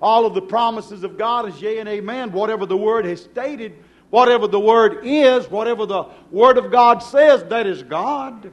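A man's voice: high-pitched, normal speed, lo-fi sound. A male preacher delivering a fervent sermon in a church, pressing his listeners with rhetorical questions.

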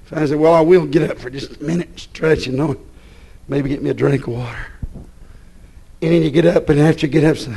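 A man preaching a fiery sermon, swinging from shouted bursts down to quiet storytelling. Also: steady tone, fast, slightly rough. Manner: shouting bursts then drops to low storytelling.

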